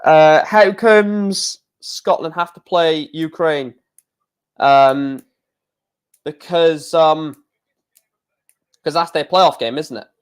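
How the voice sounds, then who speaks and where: A man hosting a casual live stream, talking in an excitable, rambling way with many restarts. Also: fairly high pitch, drawn-out words, pauses often, clean tone.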